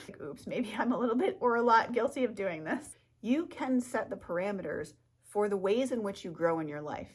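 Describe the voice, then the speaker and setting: A woman's voice: mid-range voice, moderate pace, slightly rough. A woman talking to camera in a casual rambling monologue as a self-help vlogger, tripping over her words, losing her train of thought and giggling.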